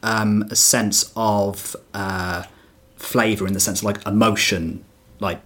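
A man's voice: lowish voice, level tone, takes it slowly, a bit bright. A male stand-up comedian in casual podcast chat, talking reflectively with fillers and restarts.

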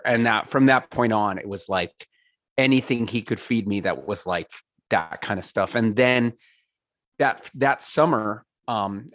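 A man's voice: fairly low pitch, a bit bright, dry recording, studio quality. A man telling stories in a casual interview, rambling with lots of fillers, laughing and swearing. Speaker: podcast guest, singer.

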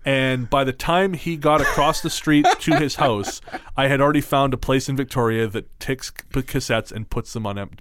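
A man co-hosting a podcast, chatting casually and telling stories in an animated way with quick restarts. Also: mid-range voice, no room sound, clean studio sound. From Canada. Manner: fast, animated storyteller with frequent restarts. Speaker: podcast co-host. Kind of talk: casual chat.

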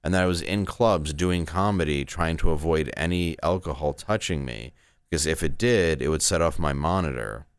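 A man's voice: extremely low pitch, normal speed, clear, resonant tone, no echo, clean studio sound. A man in his thirties, a stand-up comedian, telling candid, rambling stories in a casual interview.

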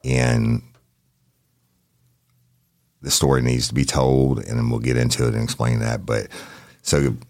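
A man hosting a true-crime podcast from a studio, talking in a folksy, plain-spoken way with drawn-out phrasing. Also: rumbling low, vocal fry, darkish tone, no echo. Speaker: podcast host.

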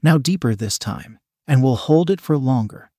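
A man voicing a calm, commanding young woman who speaks in a hushed, smug, controlling way in a storybook reading. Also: medium pitch, normal speed, no echo, studio quality.

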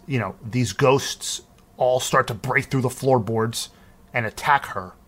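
A man's voice: mid-range voice, a little slow, fairly bright tone. A man casually recapping a movie on a podcast, talking loosely with lots of ums and restarts. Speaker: podcast co-host. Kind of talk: casual film recap chat.

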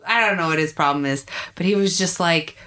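A woman's voice: fairly low pitch, brisk. A woman comedian in her thirties telling candid, profane stories in a casual chat. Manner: candid, profane, animated storytelling. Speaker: comedian guest.

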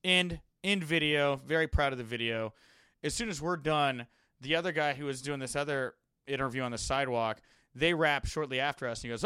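A young man hosting a podcast, telling rambling, animated anecdotes in a casual monologue. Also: on the high side, fast, smooth, no echo, clean studio sound. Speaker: wrestling podcast host.

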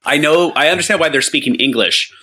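A man's voice: a little high, fast talker, bright, forceful tone. An American man co-hosting a casual movie podcast, sarcastic and exasperated as he argues. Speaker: podcast co-host.

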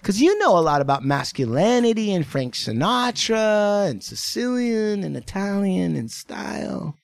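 Man, podcast host, higher voice, lively swinging pitch, dry close sound. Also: a little slow, creaky, no echo. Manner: rambling, laughing, hums song bits. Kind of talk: casual chat.

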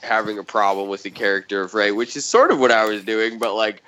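A man's voice: fairly low pitch, fairly even intonation, quick pace, bright, forceful tone. A man chatting casually on a podcast, telling a rambling story full of swearing and sarcasm. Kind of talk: casual chat. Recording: dull lo-fi sound.

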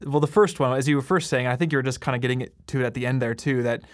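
A man's voice: mid-range voice, dry recording, studio quality. Friendly male podcast host. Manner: friendly, affirming, quick asides. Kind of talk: casual podcast conversation.

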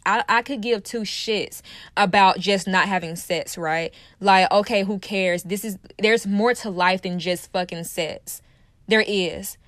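A woman's voice: mid-range voice, unhurried, fairly bright tone, no room sound, clean studio sound. A woman hosting her own podcast, talking in a casual, passionate way and repeating phrases for emphasis. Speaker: podcast host. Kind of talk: casual motivational podcast monologue.

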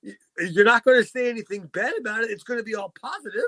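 High-voiced man rambling on a podcast. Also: fast talker, sharp tone, no room sound. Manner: rambling, laughs often, swears casually. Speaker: podcast host. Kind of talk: casual wrestling review chat.

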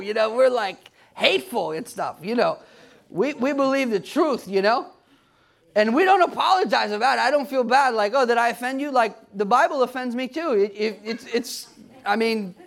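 A preacher delivers his sermon in an emphatic way, his voice rising to shouts at its peaks. His voice sits high for a man and carries a gravelly edge. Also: lively intonation, moderate pace.

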